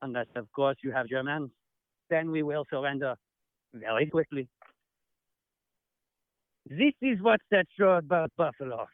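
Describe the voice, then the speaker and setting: A man's voice: fairly high pitch, expressive, a little slow, pauses often, dry recording. A man voicing an exaggerated, snooty caricature of a Frenchman and a German over a tinny phone line. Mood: mocking. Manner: exaggerated comic foreign-accent caricature.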